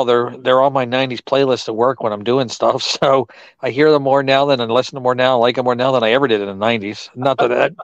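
Man, joking podcast co-host, punny, middle pitch, muffled lo-fi recording. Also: no echo. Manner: joking, wry, quick with puns. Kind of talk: casual chat. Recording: dull lo-fi sound.

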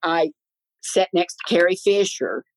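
A man's voice: sits high, expressive, measured pace, no room sound, low-quality recording. Older man, folksy storyteller, dry close mic. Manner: chatty, folksy, laughs often. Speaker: guest. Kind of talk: casual storytelling.

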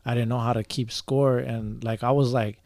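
Gravelly man telling a rambling story. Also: medium pitch, flat delivery, normal speed, a little mellow, no echo, clean studio sound. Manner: rambling, many fillers and profanity. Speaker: podcast guest. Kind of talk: casual storytelling.

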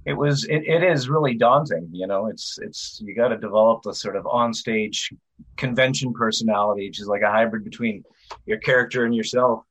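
A man's voice: on the low side, brisk, rough recording. A male actor in casual, rambling conversation on a video call. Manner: rambling, animated storyteller. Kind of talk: casual chat.

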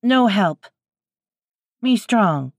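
A woman voicing a fierce, feral jungle woman who speaks in broken, halting phrases and snarls threats. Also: medium pitch, lively intonation, dry recording, studio quality, voice pushed up. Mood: hostile.

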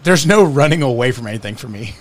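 A man's voice: medium pitch, animated, fast. A man chatting casually as a podcast co-host, telling stories in an easygoing way and laughing as he goes. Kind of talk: casual chat.

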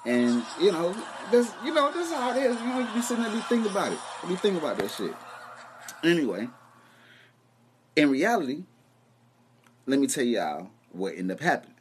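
A man telling a comic story about his girlfriend, animated, profane and laughing as he goes. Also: fairly high pitch, brisk, pauses often, a little hiss or hum. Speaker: comedian. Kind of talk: stand-up storytelling.

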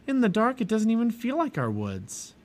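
A man voicing an eager, excitable young girl in a storybook read-aloud, with a high, excited delivery. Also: moderate pace.

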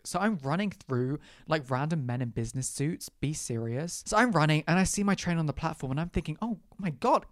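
A man's voice: on the high side, no echo, clean studio sound. A man telling a personal story as a podcast host, chatty and dramatic, with quoted asides and the odd swear word. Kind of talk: casual storytelling monologue.

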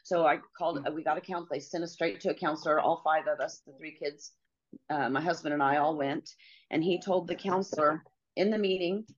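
A middle-aged woman telling a personal story as a guest, earnest and halting, with many pauses and fillers. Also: deep voice, steady tone, dull audio.

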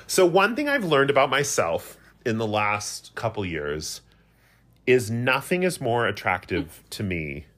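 A man's voice: medium pitch, very animated, a little slow, a bit bright. A man co-hosting a casual comedy podcast, rambling and giggly, poking fun at himself. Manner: rambling, giggly, self-mocking. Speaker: podcast co-host.

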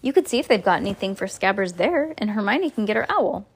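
A woman's voice: mid-range voice, sing-song, fast, breathy edge. A woman voicing a helpful teenage wizard boy who eagerly makes suggestions.

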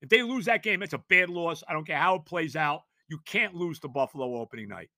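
An older man with a high, wildly swooping voice rants on his sports podcast, shouting and repeating himself in exasperation. His tone is sharp, forceful and expressive at a fairly quick pace, recorded close and dry with no echo.

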